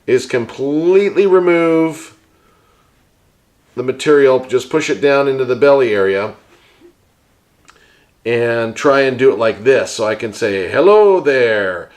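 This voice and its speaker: A man's voice: mid-range voice, measured pace, pauses often, darkish tone. A man hosting a hands-on craft tutorial, chatting and explaining each step while he works with his hands. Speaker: host and puppet maker.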